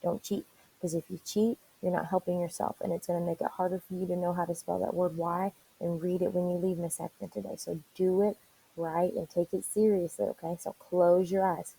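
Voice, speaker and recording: A woman teacher leading an online reading lesson for young children, spelling words out slowly and encouraging them. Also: lowish voice, level tone, creaky, dark tone, slightly rough, low-quality recording. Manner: encouraging, slow and deliberate spelling aloud.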